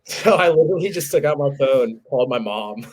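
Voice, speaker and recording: A young man in his twenties from New Jersey spins a rowdy personal story for his podcast co-hosts. His voice sits at an ordinary middle pitch, and he talks loosely, with casual swearing and a joking edge. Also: animated, brisk, a little mellow, slightly rough. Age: 20s. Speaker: podcast co-host.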